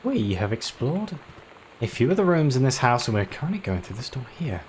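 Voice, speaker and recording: A man's voice: medium pitch, big pitch swings, brisk, a little hiss or hum. A man giving let's play commentary, chatty and self-deprecating, reading notes aloud as he explores. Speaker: video game player.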